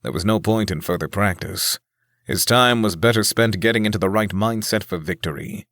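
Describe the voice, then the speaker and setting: A man narrating a fantasy audiobook in a steady, even reading. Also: on the low side, moderate pace, dry recording, studio quality. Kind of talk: scripted narration.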